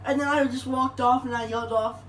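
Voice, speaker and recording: A woman's voice: sits high, steady tone, a little fast. A woman telling a casual story in a crude, joking way. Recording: echoey room from a distance with faint noise.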